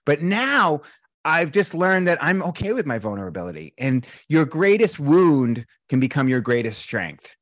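Animated man, dry close sound. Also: a little high, moderate pace, no echo. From Boston, USA. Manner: animated storytelling, candid and emotional, acts out quotes. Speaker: breathwork instructor, podcast guest. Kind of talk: casual interview chat.

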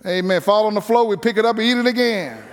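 A man's voice: sits high, fast, a little hiss or hum. A man preaching a sermon as pastor, stressing his points by repeating key phrases. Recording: reverberant hall with faint music.

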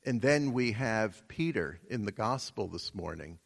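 A man preaching a sermon in a slow, measured teaching manner with many pauses. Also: on the low side, animated, gravelly. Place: church. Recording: long reverb of a church hall.

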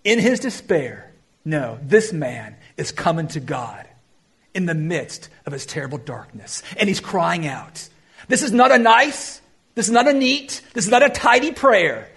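A male pastor delivers a sermon in a high, husky voice. He swings between loud emphatic peaks and hushed, slowed phrases. His pitch moves widely as he preaches. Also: big pitch swings.

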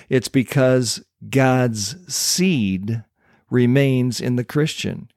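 A man teaching the Bible on a podcast, earnest and emphatic, pausing to stress key words. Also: medium pitch, a little mellow, no echo, clean studio sound.

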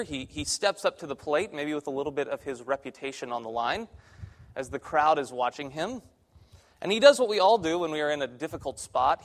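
A man's voice: on the high side, a bit bright. A young man, a church intern, preaching a conversational sermon with self-deprecating humor in a church sanctuary. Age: young adult.

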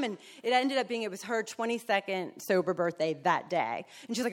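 A woman's voice: mid-range voice, a little fast, hardly any pauses. A woman giving a candid, emotional personal testimony, speaking frankly with blunt swearing and acting out the people in her story. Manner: animated storyteller who acts out other people.

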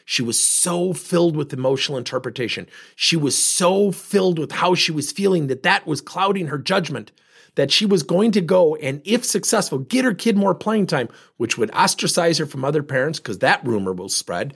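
Husky-voiced man telling an animated story. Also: a little high, moderate pace. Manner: animated, acts out both sides of conversations. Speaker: leadership speaker. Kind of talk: storytelling talk on coaching.

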